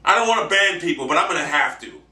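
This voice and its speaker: A man ranting brashly and profanely in a monologue vlog, boasting loudly. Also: fairly high pitch, expressive, fast talker, recorded from a distance. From United States. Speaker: vlogger. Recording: echoey room, off-mic.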